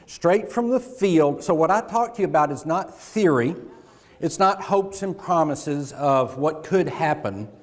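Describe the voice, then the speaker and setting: A man's voice: on the high side, animated. A man from the American South giving a jokey, folksy keynote talk on sales to a conference crowd. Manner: jokey, folksy, with pauses for laughs. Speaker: keynote speaker. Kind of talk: motivational keynote speech. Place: large conference hall. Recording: long hall reverb.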